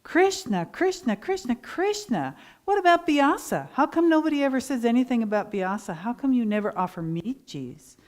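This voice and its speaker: A woman voicing an old male sage who acts angry and greedy, speaking in a shrill, indignant, complaining way. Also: very animated, normal speed, hardly any pauses. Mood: mock indignant.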